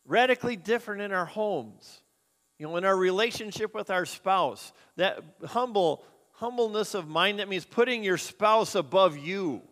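A man's voice: high voice, lively intonation, normal speed, fairly bright tone. A man preaching a sermon as a pastor, earnest and conversational, asking the congregation questions. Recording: long hall reverb.

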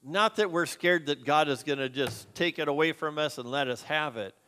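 A man's voice: fairly high pitch, normal speed, pushed and bright. A man preaching a sermon as a pastor, earnest and conversational, asking the congregation questions. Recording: long hall reverb.

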